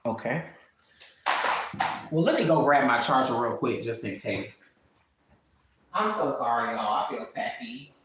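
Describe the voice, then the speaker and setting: A chatty, expressive livestream host, talking casually at home while coloring and often sighing. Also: medium pitch, unhurried, pauses often, background noise. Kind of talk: casual live-stream chat while coloring. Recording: roomy echo.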